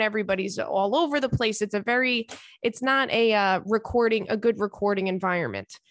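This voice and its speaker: A woman's voice: medium pitch, fairly bright tone, no room sound, studio quality. A woman hosting a casual solo podcast from home, telling candid, profane stories in a chatty way. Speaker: podcast host. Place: home, indoors.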